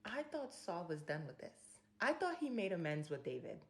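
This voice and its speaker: A woman hosting a casual Bible chapter breakdown, retelling the story in her own slangy words with animated, opinionated asides. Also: fairly low pitch, moderate pace, creaky. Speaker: Bible study video host.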